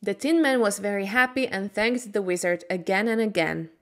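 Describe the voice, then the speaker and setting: A woman, an English teacher reading a storybook aloud clearly and deliberately for learners. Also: mid-range voice, a bit bright. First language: Slovak.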